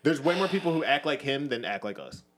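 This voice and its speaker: A man's voice: mid-range voice, sing-song, fast, a bit bright. Rambling profane young podcaster, man. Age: young adult. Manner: rambling, profane, full of restarts and quoted asides. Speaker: podcast co-host. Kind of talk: casual chat. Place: basement home studio.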